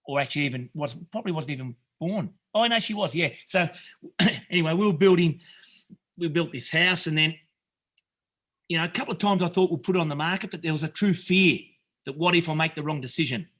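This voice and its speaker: Earnest swearing Aussie bloke. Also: male voice, a little high, fairly quick, fairly bright tone. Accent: Australian. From Australia. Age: middle-aged. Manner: earnest, swears freely, calls people mate; rambling with many restarts. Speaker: podcast guest, retreat founder. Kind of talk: emotional storytelling.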